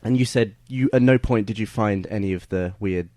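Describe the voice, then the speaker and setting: Quick-talking man, dry close sound. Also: on the low side, a little mellow, no echo. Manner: curious, asks questions. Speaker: podcast regular. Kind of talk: casual chat.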